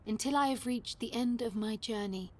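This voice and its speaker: An aging male winemaker reads his farewell letter with slow solemnity, voiced by a woman. The delivery is measured, suited to game narration. The voice sits a little high. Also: lightly acted.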